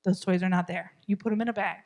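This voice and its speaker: A woman's voice: on the low side, fairly even intonation, fast talker, darkish tone. A woman leading a parenting class at a church. She talks in an encouraging way, repeats her key points and laughs often. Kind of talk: live parenting class talk.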